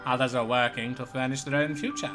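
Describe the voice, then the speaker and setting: A man's voice: medium pitch, fairly even intonation, fast talker, over music, lightly acted. A man voicing a pompous, theatrical male doctor with grand, formal manners, reading game dialogue aloud. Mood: grandly courteous.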